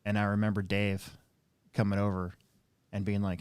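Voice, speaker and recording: Low-voiced man telling rambling stories. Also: level tone, moderate pace, pauses often, darkish tone, clean tone, dry recording. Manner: rambling anecdotal storyteller, many fillers. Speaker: host and RC track operator. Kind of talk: casual live-stream chat.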